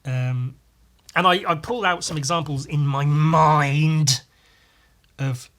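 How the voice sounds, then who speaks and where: A man's voice: a little high, fairly even intonation, takes it slowly, a bit bright. Rambling man musing on a solo podcast. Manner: rambling and hesitant, with frequent ums and restarts; laid-back and self-deprecating. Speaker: podcast host. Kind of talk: casual solo podcast monologue.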